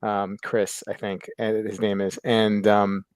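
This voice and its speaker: A man's voice: on the low side, flat delivery, unhurried, clean tone, no echo, clean studio sound. An American man in his thirties hosting a casual livestream podcast, rambling with many fillers and restarts as he greets chat viewers. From United States. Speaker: podcast host.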